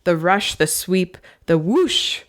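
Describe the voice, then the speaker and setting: A woman's voice: sing-song, slow. A woman voicing a disguised young lady. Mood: earnest. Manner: voice pitched lower than usual, earnest. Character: young woman in disguise, speaking low at a ball. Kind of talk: reading a novel aloud.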